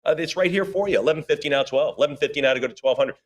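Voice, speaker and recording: A man working as auctioneer, calling bids rapidly in a live auction and breaking off for chatty asides to bidders and staff. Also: a little high. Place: auction room.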